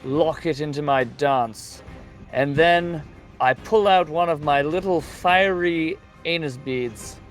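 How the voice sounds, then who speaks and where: Male player, playful and eager, slightly high voice, light music bed. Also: slow pace. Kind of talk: casual tabletop play.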